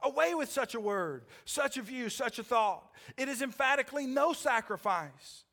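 A man pastor delivering a sermon, emphatic and rousing, often calling out "amen?" to the congregation, then softening into a quiet, earnest appeal. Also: very high-pitched, lively intonation, normal speed. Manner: emphatic preaching with frequent "amen?" calls, dropping to a hushed altar call.

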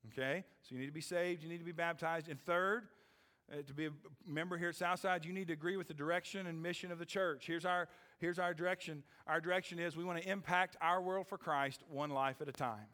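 A middle-aged man preaching a sermon as pastor, swinging from loud rising questions to hushed lines and checking in with "okay?" and "amen?". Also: fairly high pitch, steady tone, a little fast, long reverb tail. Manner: repeats "okay?" and "amen?" to the congregation.

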